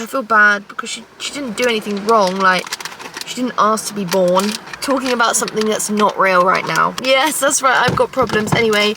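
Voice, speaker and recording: A young woman chatting casually while vlogging in her car, telling stories in a sweary, self-mocking way. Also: a little high. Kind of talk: casual vlog chat. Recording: noisy car with traffic outside. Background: road and engine noise.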